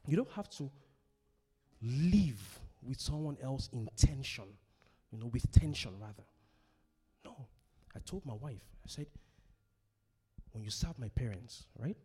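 A husky-voiced middle-aged preacher from Africa delivers a sermon with a very lively, swooping pitch. He hammers home his points by repeating them and asks questions for the listeners to answer. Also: unhurried, pauses often. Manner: emphatic, repeats key phrases, asks questions for the congregation to answer. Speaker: pastor. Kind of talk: sermon on relationships.

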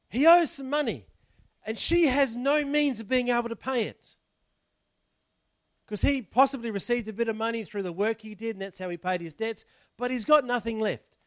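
A man's voice: sits high, dry recording. A man, a pastor giving a conversational sermon, explaining the text and asking his listeners questions. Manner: chatty, explains the text and asks the congregation rhetorical questions.

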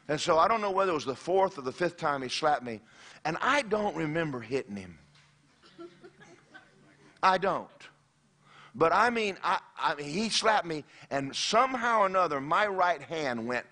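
A man preaching a sermon, telling a personal story in an animated way with frequent restarts and direct questions to the audience. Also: fairly high pitch, normal speed, long pauses. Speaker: pastor.

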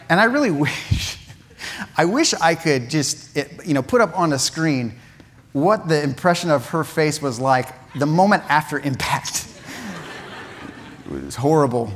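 A man preaching, telling a funny childhood story with lively asides and laughter. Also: high-pitched. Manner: animated, laughing at his own story. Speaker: pastor. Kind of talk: sermon storytelling. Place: church sanctuary.

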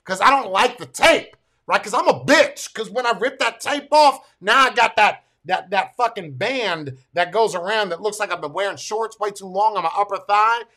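A man ranting through a casual, profane story, excitable and full of stumbling restarts. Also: sits high, normal speed, few pauses. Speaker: military veteran telling a story.

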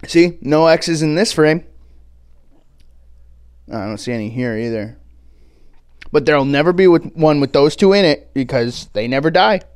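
A man's voice: on the high side, lively intonation, moderate pace, long pauses, darkish tone, clean tone, dry recording, clean studio sound. A man giving a casual movie commentary who chats loosely, laughs often and swears offhandedly. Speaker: podcast host doing a movie commentary track.

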